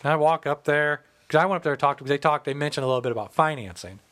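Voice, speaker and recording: A man's voice: a little high, rapid-fire, a bit bright. A man in his thirties from the Midwest, telling a profane story in casual chat and acting out the people in it. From American Midwest. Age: 30s.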